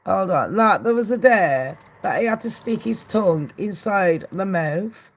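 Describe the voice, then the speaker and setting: A woman's voice: medium pitch, animated, a little slow. A woman hosting a celebrity gossip channel, chatting casually in a brash, sweary way and laughing often.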